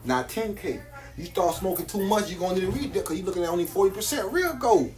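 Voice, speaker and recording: A man's voice: sits high, animated, fast, a little mellow. A man, selling jewelry on a phone live stream, boastful and slangy, repeating his hype lines.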